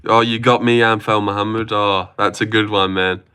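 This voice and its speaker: A man chatting loosely on a livestream, his voice set low yet bright and forward. He rambles, swears freely and answers viewers' comments in a loose, offhand way. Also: fairly even intonation, normal speed, clear, resonant tone. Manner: rambling, profane, reads out and answers chat. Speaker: livestream host reacting to fights. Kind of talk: casual livestream chat.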